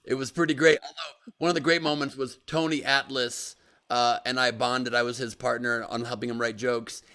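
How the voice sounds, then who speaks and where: A man's voice: medium pitch, level tone, normal speed, pushed and bright, clear, resonant tone. A man hosting a casual comedy chat show, joking and telling stories. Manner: joking storyteller, acts out voices. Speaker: host.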